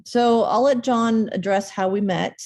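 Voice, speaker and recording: A woman's voice: a little high, measured pace, darkish tone. A woman from Oklahoma with a slight Southern accent, talking as a podcast guest in an eager, persuasive way. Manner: enthusiastic, persuasive. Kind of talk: casual conversation.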